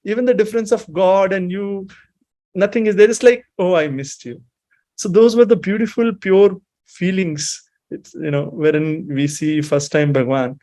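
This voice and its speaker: A man in his thirties from Himachal with an Indian English accent, sharing a personal devotional story in a reflective, emotional and halting way. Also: high-pitched, fairly even intonation, dark tone. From Himachal Pradesh, India. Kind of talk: personal testimony, mixing English and Hindi.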